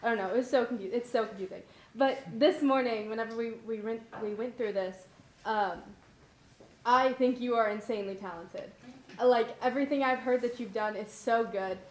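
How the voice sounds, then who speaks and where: A young woman student talking in a halting, shy, casual way. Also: a little high. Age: young adult. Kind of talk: casual chat. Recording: echoey room with faint noise.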